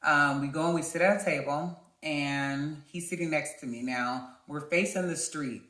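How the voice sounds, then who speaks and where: A woman vlogger telling a dating story in an animated way, talking straight to her viewers. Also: low voice, moderate pace. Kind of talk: storytime vlog. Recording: roomy echo.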